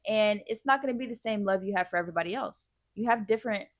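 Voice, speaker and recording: A woman's voice: medium pitch, fast talker, dry recording, clean studio sound. A woman in her thirties giving blunt, frank life advice in a casual chat, answering viewer questions.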